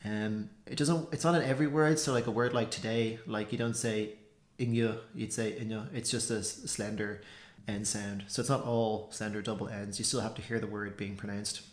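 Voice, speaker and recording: A man's voice: on the low side, steady tone, fairly quick, reverberant. A man giving a casual spoken language lesson, chatty and loose, with plenty of "like" and "so" fillers. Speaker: language teacher.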